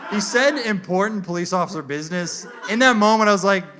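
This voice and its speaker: A young man performing a stand-up comedy set on a stage mic, acting out characters in quick voices. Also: sits high, bright, forceful tone. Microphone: handheld stage mic.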